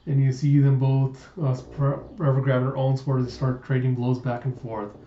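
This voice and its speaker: A man's voice: medium pitch, little pitch movement, normal speed, dark tone. A man casually reading a comic aloud, narrating the scenes and chuckling along the way. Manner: chatty, laughs at the story, frequent restarts. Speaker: comic reader. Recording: roomy, dull lo-fi sound.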